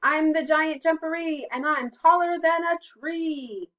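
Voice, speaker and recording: A woman puts on a booming storybook creature that hides in a burrow and brags how scary it is. Its threats come loud, high and drawn out, each one a slow rhyme. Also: far from the mic, dull audio.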